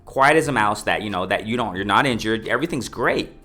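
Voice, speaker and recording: Emphatic man ranting about boxing. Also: fast talker. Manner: emphatic, repetitive, addresses viewers as ladies and gentlemen; lively pitch swings, mimics others in raised voice. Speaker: boxing commentary vlogger. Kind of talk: opinionated casual commentary.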